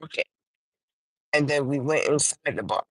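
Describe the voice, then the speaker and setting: A woman with a fairly bright, slightly rough voice hosts a livestream, recorded in poor audio without echo. Telling a personal testimony in relaxed talk, she halts, restarts and fills gaps often, and shifts higher when quoting herself.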